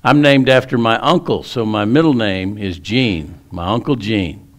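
A man's voice: on the low side, measured pace. A male pastor preaching a sermon in a folksy storytelling way, often restarting his sentences.

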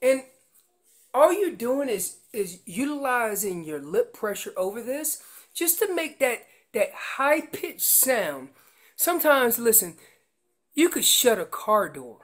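A man giving a hands-on lesson as a guest instructor, explaining elk calls step by step with emphatic, animated delivery. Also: extremely high pitch. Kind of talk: instructional demonstration.

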